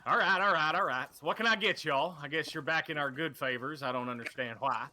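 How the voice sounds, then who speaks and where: A man voicing a gruff, grumpy male tavern keeper in a tabletop game. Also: on the high side, a little fast, background noise, lightly acted. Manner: gruff, blunt.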